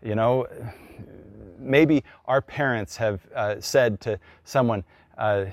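A man's voice: mid-range voice, slow pace, no echo, clean studio sound. A middle-aged man, a pastor, preaching a conversational sermon and acting out the people he quotes.

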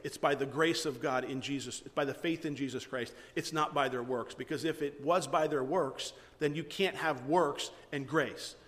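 Animated preacher in a reverberant hall. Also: male voice, a little high. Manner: animated storytelling with frequent restarts. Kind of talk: sermon.

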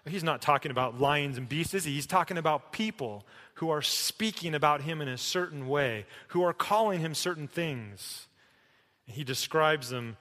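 A middle-aged male preacher with a bright, forceful tone, pitched a little higher than most men. He swings from loud, emphatic declarations to hushed, pleading passages. The sound rings with the long reverb of a church sanctuary. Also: normal speed. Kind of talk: sermon.

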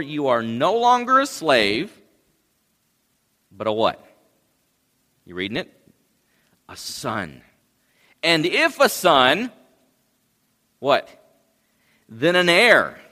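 A man preaching a sermon as pastor, unhurried, with passages that swell into loud cries. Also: on the low side. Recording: long hall reverb.

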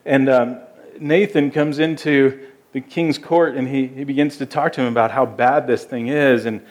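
A man's voice: mid-range voice, steady tone, normal speed. Male pastor, mid-range voice, delivering an earnest, emphatic sermon. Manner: earnest, emphatic preaching with repeated words.

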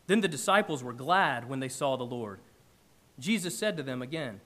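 A man preaching a sermon in church, emphatic and animated, with big swings in loudness. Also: mid-range voice, moderate pace. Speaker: pastor.

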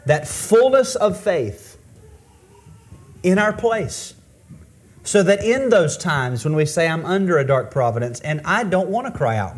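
A man giving a sermon before communion, slow and deliberate, often restarting words and rising and falling in pitch for emphasis. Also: sing-song. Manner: rises and falls in pitch for emphasis. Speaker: pastor.

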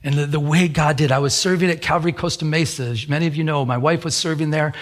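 A man preaching a sermon with a somewhat high voice. He tells a personal story earnestly, often restarting his sentences as he goes. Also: steady tone, fast talker. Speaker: pastor.

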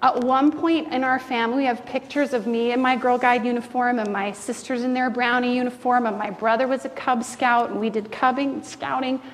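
Animated high-voiced woman storyteller. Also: a little fast, few pauses. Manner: animated, acts out quoted voices. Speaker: co-host. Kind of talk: faith-based conversational storytelling. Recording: long reverb.

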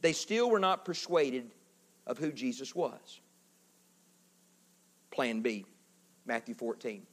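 A male pastor preaching a sermon, animated, swinging from loud to hushed and acting out little voices. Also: mid-range voice, takes it slowly, long pauses.

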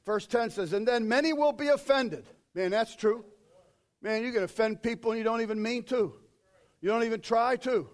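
High-voiced preacher man. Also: normal speed. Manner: preaching with sudden shouted quotes and quiet asides. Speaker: pastor. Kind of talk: sermon.

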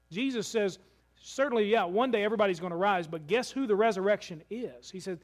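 High-voiced earnest male preacher. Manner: earnest, slows and softens for emphasis. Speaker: pastor. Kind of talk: sermon.

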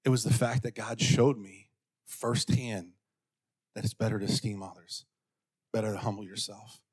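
A pastor telling a personal story from the pulpit, acting out voices in a raised pitch and sinking to quiet, intimate passages. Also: male voice, normal speed, slightly rough. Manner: animated, acts out quotes in a raised pitch. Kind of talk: sermon storytelling.

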